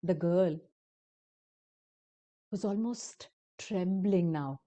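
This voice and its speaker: A woman storyteller narrating a story for adults in a deliberate, expressive way. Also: lowish voice.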